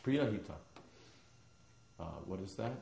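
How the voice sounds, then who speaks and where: A man's voice: lowish voice, animated, unhurried, creaky, a little mellow, a little hiss or hum. A man giving a devotional lecture, telling stories emphatically with some hesitant fillers. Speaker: spiritual teacher. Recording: roomy echoing hall.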